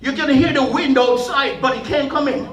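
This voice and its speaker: A male pastor preaching a sermon in a church sanctuary, emphatic and often rising into shouted refrains. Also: extremely high pitch, moderate pace. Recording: roomy church sound from a distant mic with faint music.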